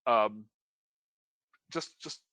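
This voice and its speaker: A man's voice: extremely slow, sharp tone, no echo. A British man presenting a webinar as a game store owner, talking casually with lots of fillers and self-deprecating humor. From United Kingdom.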